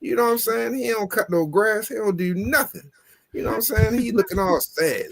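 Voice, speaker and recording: A man on a casual talk show, telling a story in an animated, exasperated way and swearing often. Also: high voice, fairly quick, no echo. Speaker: podcast co-host.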